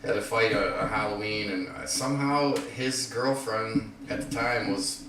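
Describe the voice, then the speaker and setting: A man telling rambling, profane stories in casual chat, growing loud and heated. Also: lowish voice, moderate pace, recorded from a distance, slight background noise. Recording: echoey room, voice off-mic.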